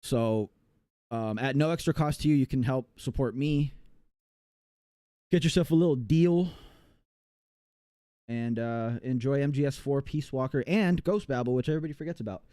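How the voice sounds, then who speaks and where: A man's voice: medium pitch, brisk, mellow, clear, resonant tone, no room sound, clean studio sound. A man from the United States chatting casually on a live game stream, rambling and reading chat aloud with many fillers.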